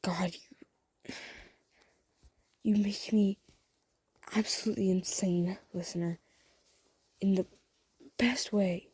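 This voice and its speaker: A woman's voice: medium pitch, fairly even intonation, darkish tone, husky. A woman voicing a stammering young man in whispered role-play. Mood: flustered. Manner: halting, stammering, half-whispered. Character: flustered young man confessing a crush.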